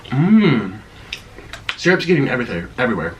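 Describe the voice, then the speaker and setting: A man's voice: medium pitch, very animated, brisk, lo-fi sound, background noise. A man hosting an eating vlog, chatting through a dramatic story between mouthfuls. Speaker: vlogger.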